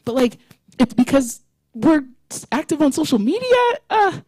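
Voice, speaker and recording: A woman leading worship at a church service, giving chatty, excitable announcements and a closing prayer. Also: high voice, normal speed, no room sound, rough recording.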